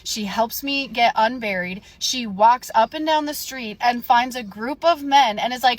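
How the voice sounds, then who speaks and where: A young woman telling a story in a casual rant, animated and indignant, acting out the dialogue. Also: fairly high pitch, measured pace, few pauses, no room sound. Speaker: storyteller vlogger.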